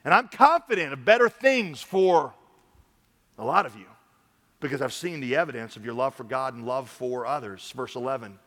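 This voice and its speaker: A man preaching a sermon from a church stage, swinging between loud urging and quiet earnest talk. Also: mid-range voice, lively intonation, normal speed, long reverb tail. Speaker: pastor.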